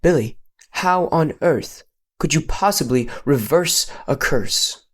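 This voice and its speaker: A man voicing a gloomy, doubtful man who was once a goat, speaking lower than his narration. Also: animated, takes it slowly, slightly rough, full character voice. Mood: worried.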